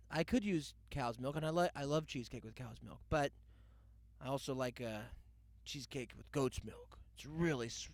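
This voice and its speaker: Here a young man with a fairly high-pitched voice hosts a podcast, telling a loose, funny story crowded with asides and mock quotes. There's no room sound at all.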